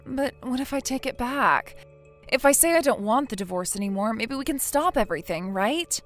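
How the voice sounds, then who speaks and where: A woman's voice: a little high, animated, moderate pace, faint music behind, natural voice. A woman voicing a self-pitying young wife in a text-message story, pleading and defensive.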